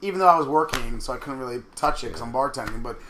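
Male co-host, animated storyteller, quick and bright delivery. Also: mid-range voice, a little hiss or hum. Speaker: podcast co-host. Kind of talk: casual chat.

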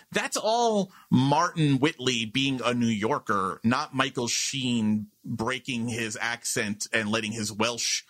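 A man from New York with a light New York accent, hosting a podcast in casual chat, animated and often restarting his sentences. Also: medium pitch. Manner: animated, self-interrupting, voices quotes loudly. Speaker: podcast host.

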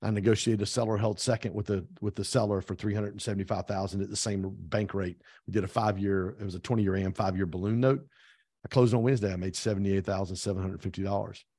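A middle-aged man telling a story in a casual interview, animated, acting out quoted dialogue. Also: on the low side, fast talker, husky, no room sound, clean studio sound. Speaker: podcast guest, real estate team owner.

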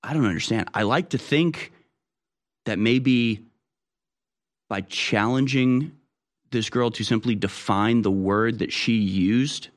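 A man with an American accent hosting a talk radio show, delivering a sarcastic, mocking opinion monologue. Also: lowish voice.

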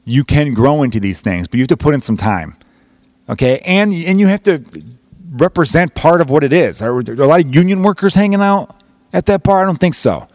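A man's voice: fairly high pitch, expressive, brisk, darkish tone, no echo. A man hosting a podcast, rambling through a casual comedic monologue with plenty of swearing. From Chicago. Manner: rambling, profane, jokey. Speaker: podcast host.

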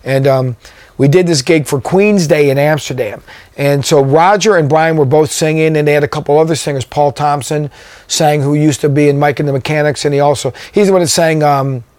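A man's voice: on the high side, steady tone, a little fast, a little mellow, dry recording. A man, a touring drummer, telling stories in a casual interview, rambling with many fillers and restarts. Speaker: guest drummer.

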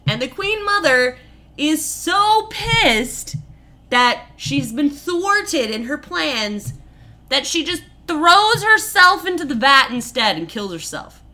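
Retelling a fairy tale for laughs, this podcast co-host speaks slowly in a voice that sits high. Her delivery is animated and casual, peppered with swearing and frequent "like" and "basically."

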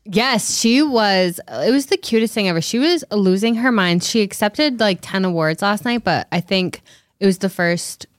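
A young woman co-hosting a podcast, chatting casually about pop-culture news with quick reactions. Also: medium pitch, lively intonation, no room sound, studio quality. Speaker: podcast co-host. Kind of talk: casual chat.

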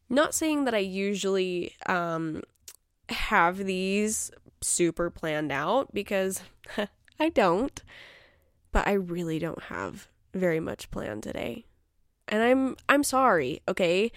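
A woman's voice: mid-range voice, animated, measured pace, no echo, clean studio sound. Chatty young woman hosting a podcast. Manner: chatty, rambling, self-deprecating. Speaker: podcast host. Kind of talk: casual solo podcast chat.

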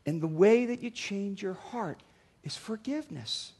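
A man preaching a sermon as a pastor, swinging from quiet reflection to loud acted-out dialogue. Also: high voice, animated, a little slow, breathy edge. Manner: dynamic preaching, acts out dialogues with rising volume.

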